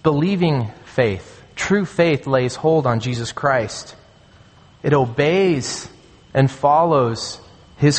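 A man preaching a sermon as a pastor, earnest and emphatic, slowing down to stress key phrases. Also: medium pitch, breathy edge. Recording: long hall reverb.

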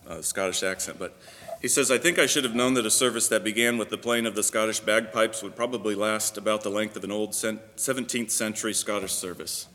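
A man's voice: fairly low pitch, bright, forceful tone. A man pastor giving a sermon, praying and then preaching earnestly with frequent fillers. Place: church sanctuary. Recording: long reverb of a church hall.

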